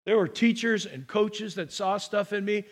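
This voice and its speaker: An older man delivers a sermon in a church, his voice sitting high for a man. He tells his stories with animation and acts out the people in them. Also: normal speed. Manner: animated storytelling, acts out scenes. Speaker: pastor.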